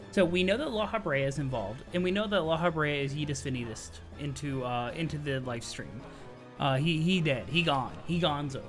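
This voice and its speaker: A man giving casual, excitable commentary on game news, chatty and full of slang and quick restarts. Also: on the high side. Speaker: gaming video creator.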